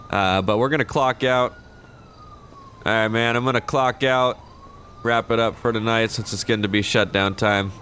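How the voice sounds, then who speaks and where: A man's voice: lowish voice, fairly bright tone, slight background noise. Laid-back young man narrating roleplay. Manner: laid-back, swears casually, drawls out action emotes. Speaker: roleplay streamer playing a shop clerk. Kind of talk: casual gameplay commentary and in-character chat.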